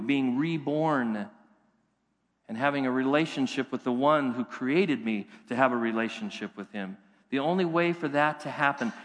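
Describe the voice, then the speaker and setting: A middle-aged man preaching a sermon, building his voice up with passion and then dropping to hushed, quiet lines. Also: fairly high pitch. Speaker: pastor. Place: church sanctuary. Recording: reverberant church hall.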